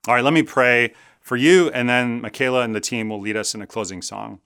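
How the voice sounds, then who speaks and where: A male pastor giving a sermon in an earnest, conversational way. His pitch is mid-range. He slips into quick acted voices when he retells stories. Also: steady tone, a bit bright, clear, resonant tone.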